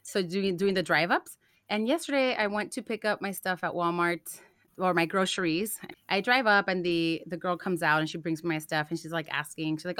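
A woman's voice: lowish voice, fairly quick, a bit bright, dry recording, clean studio sound. A young adult woman from a Mexican-American family, co-hosting a parenting podcast and telling stories in casual chat, slipping in Spanish phrases. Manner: chatty storytelling, mixing in Spanish phrases. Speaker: podcast co-host.

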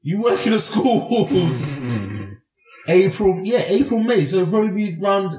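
A man co-hosting a podcast in casual chat, laid-back and quick to laugh. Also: high-pitched, expressive, darkish tone. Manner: laid-back, laughs easily, short reactions. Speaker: podcast co-host. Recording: echoey room.

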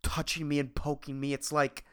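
A man's voice: fairly high pitch, little pitch movement, moderate pace, clear, resonant tone. A man hosting his own podcast, talking alone in a rambling, profane comic rant. He gets worked up, laughs at his own jokes and restarts his sentences often. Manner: exasperated, agitated. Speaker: podcast host. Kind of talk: solo comedic rant.

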